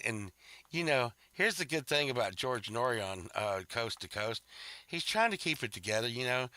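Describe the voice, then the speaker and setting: A man retells a story in a slow, drawn-out delivery, rambling and swearing with laughing asides. His voice is very bright and cutting, and the sound is dry and close with no room echo. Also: on the low side. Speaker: podcast host. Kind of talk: casual storytelling monologue.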